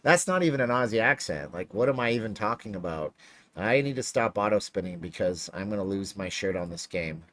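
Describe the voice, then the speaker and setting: A man's voice: fairly low pitch, fairly quick. A man hosting a casual livestream from his home streaming room, rambling and joking while he plays slots. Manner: rambling, jokey, animated. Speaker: livestream host.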